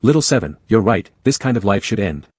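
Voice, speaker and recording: A calm, soft-spoken young man in a romance comic, read by a man. He is composed and in control. The voice is low, husky and dry. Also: fairly quick, dry recording.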